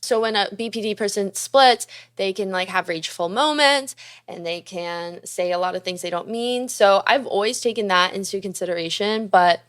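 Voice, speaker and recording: A young woman hosting a podcast, telling a candid, profane story about a relationship at a fast clip, laughing often. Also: medium pitch, a bit bright. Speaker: podcast host.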